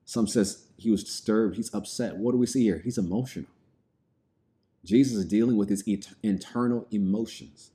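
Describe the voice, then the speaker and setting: Male preacher, deep mellow voice, reads verses then unpacks them plainly. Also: moderate pace. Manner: reads scripture aloud then explains it plainly. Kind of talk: sermon.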